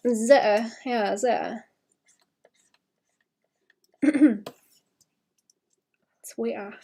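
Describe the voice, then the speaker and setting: A young woman sketches live and chats casually, often giggling as she thinks aloud. Her slightly high, darkish voice has lively intonation, moves a little slowly, and leaves long pauses.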